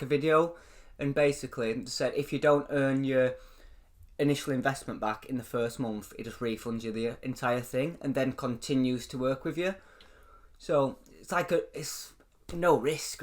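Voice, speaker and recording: Swearing plenty and laughing a lot, a young British podcast co-host chats casually. His voice is medium-pitched and his pace moderate.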